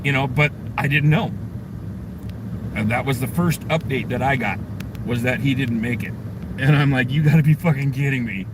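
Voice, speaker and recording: A man's voice: mid-range voice, normal speed, pauses often. A man telling a story with lots of swearing, chatting offhand and mocking as he reads his live chat outdoors on a city street. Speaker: live streamer being restreamed. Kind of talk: casual profane storytelling while reading chat. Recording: noisy street audio, restreamed.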